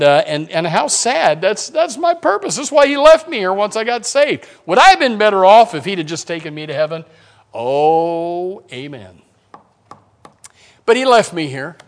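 A man preaching a conversational sermon as pastor, with repeated restarts and joking asides. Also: fairly high pitch.

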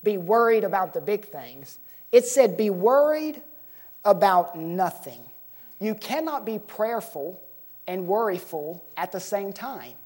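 A woman preaching a sermon, asking the congregation questions and slowing down to stress key words. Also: medium pitch, expressive, a little mellow, breathy edge.

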